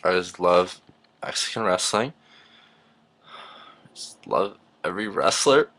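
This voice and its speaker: A man playing a gravelly, nervous wrestling-obsessed dater. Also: deep voice, animated, a bit bright, full character voice. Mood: earnest. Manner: halting, full of ums and uhs. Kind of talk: comic dating-video monologue.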